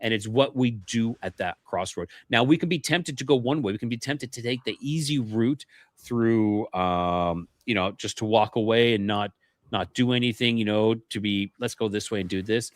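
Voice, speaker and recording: A man's voice: fairly low pitch, moderate pace, no room sound, clean studio sound. A man guesting on a paranormal interview show, telling his experiences earnestly and often restarting his sentences. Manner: earnest, repeats words when starting sentences. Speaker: podcast guest.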